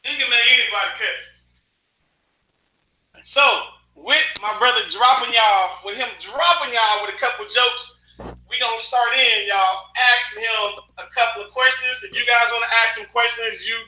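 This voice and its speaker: A man's voice: very high voice, normal speed, bright, forceful tone, echoey room, poor audio. A man from Dayton, Ohio, hosting a live stream in loose casual chat and addressing the viewers directly. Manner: loose, talks to the viewers as "y'all".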